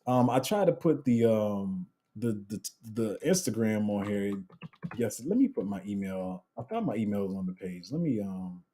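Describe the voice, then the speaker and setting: Husky, low-voiced livestream host. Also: male voice, sing-song, normal speed, dark tone. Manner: chatty, slangy, trails off and restarts while multitasking. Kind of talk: casual live Q&A, reading chat.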